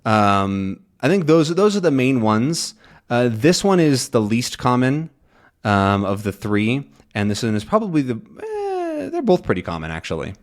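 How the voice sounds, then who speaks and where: A young man giving a relaxed English pronunciation lesson, thinking aloud with frequent ums. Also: mid-range voice, unhurried. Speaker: English teacher.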